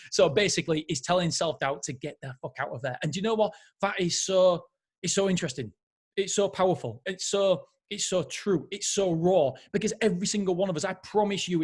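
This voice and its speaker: Excitable guy rambling through a book review, fairly high voice. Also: slightly rough. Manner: enthusiastic, rambling, frequent self-corrections. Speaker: podcast host.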